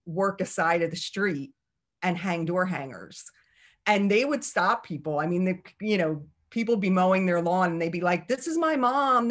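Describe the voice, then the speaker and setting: A middle-aged woman giving a candid, chatty talk about her own journey, laughing often. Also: lowish voice. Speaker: speaker. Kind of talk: personal story talk.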